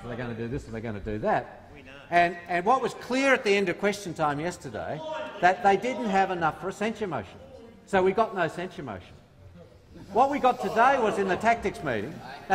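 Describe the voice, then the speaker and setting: A man's voice: on the high side, fairly bright tone. An Australian man, a member of parliament, making a combative debate speech and reading out the rules. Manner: combative, reads from the rulebook. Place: large parliament chamber. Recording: long reverb of a large hall.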